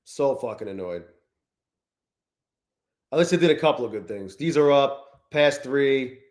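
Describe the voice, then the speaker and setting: A man's voice: medium pitch, animated, normal speed. A man in his forties hosting a live trading stream, chatting casually with viewers and swearing often. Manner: profane, restless, talks to chat. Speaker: trading livestream host.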